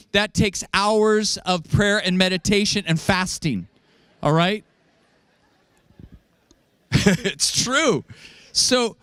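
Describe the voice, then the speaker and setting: A male pastor preaching with humor, throwing his voice up high to act out what people say. His voice sits fairly high for a man. The sound is dry and close, with little room echo. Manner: animated, joking, acts out quotes in raised voice. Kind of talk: sermon.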